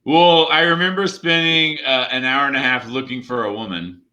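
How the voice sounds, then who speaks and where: A man's voice: mid-range voice, moderate pace, sharp tone. A man hosting a comedy show over a video call, chatting loosely, laughing and swearing casually.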